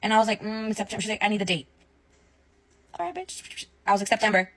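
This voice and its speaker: A woman's voice: mid-range voice, little pitch movement, racing, a bit bright, low-quality recording. A young woman telling a story in a casual rant, blunt and swearing often, acting out both sides of her conversations.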